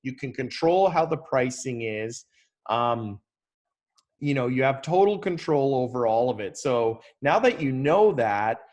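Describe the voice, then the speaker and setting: A man casually walking through software on a screen share, talking loosely with fillers and restarts. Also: medium pitch. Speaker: software tutorial presenter.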